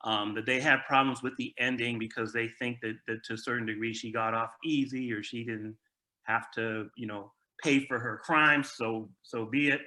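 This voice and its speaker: A man with a steady, medium-pitched voice and a sharp tone speaks at a moderate pace as co-host of a movie review show. His casual chat is agreeable and enthusiastic, marked by stammering restarts where he repeats words.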